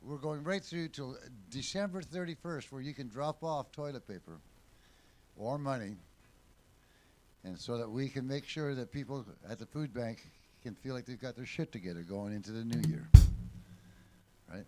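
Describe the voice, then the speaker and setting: A man's voice: mid-range voice, moderate pace, long pauses, darkish tone. A man hosting a casual live music show at a venue, talking in a chatty, rambling, upbeat way. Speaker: show host.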